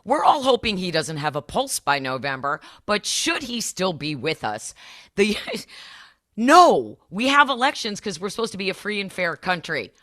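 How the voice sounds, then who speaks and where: Woman activist guest, low-pitched and bright, lively and blunt, curses freely. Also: moderate pace, no echo, clean studio sound. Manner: blunt, indignant, profane. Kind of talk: casual panel chat.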